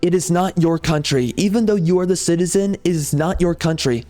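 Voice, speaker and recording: A man's voice: on the high side, brisk, mellow, soft background music. A man ranting off the cuff over gameplay, heated and sarcastic, often repeating himself. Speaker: gaming channel host.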